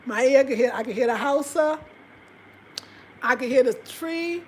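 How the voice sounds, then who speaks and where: Laughing high-voiced middle-aged woman. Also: a little slow. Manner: animated, laughing often, acting out quotes. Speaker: travel vlogger. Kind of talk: casual storytelling to camera.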